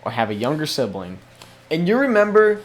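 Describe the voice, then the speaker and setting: A man's voice: on the high side, big pitch swings, brisk. A young man hosting a solo podcast, rambling casually with lots of swearing and restarts. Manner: profane, rambling, many restarts. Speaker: podcast host.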